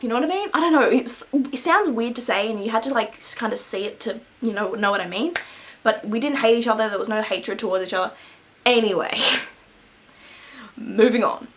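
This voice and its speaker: A woman's voice: mid-range voice, slight background noise, low-quality recording. A young adult woman vlogger telling a school story casually, rambling with lots of fillers and frequent laughs. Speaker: beauty vlogger.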